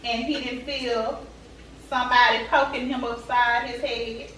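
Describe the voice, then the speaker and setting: A woman vlogger telling a story straight to her viewers in a chatty, animated way. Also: a little high, a little slow, recorded from a distance, slight background noise. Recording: echoey room, away from the mic.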